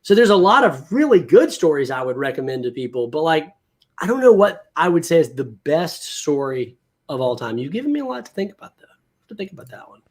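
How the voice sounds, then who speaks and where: Chatty host with a lively voice. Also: medium pitch, fairly quick. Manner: thinking aloud, chatty. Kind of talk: casual chat.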